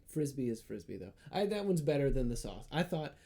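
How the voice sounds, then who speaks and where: A man with a mellow, warm voice at an ordinary middle pitch, chatting casually as co-host of a comedy podcast. He jokes around, riffs on bits and laughs easily. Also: big pitch swings, a little fast. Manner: jokey, laughs often, playful banter. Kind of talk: casual chat.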